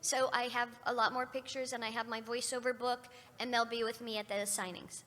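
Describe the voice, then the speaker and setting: A middle-aged woman voice actor answering fan questions at a convention panel with playful, animated storytelling. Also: on the high side, fairly quick. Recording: reverberant convention hall.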